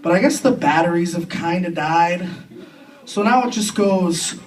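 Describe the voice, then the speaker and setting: A young Canadian man doing a crude, self-deprecating stand-up comedy set on a club stage, with quick impressions between punchlines. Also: sits high. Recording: distant club recording with faint room noise.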